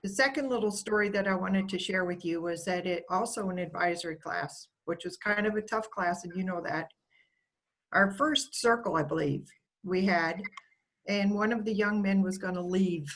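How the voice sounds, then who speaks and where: A woman's voice: mid-range voice, normal speed, low-quality recording. A school staff member, a woman, telling fond stories about a student in a speech on a video call. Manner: warm storytelling, quotes the student fondly. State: getting emotional.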